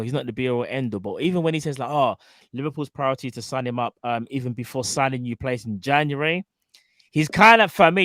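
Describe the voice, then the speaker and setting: A man's voice: medium pitch, fairly bright tone, dry recording. A man co-hosting a casual fan chat show, rambling with many fillers and trailing off. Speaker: co-host.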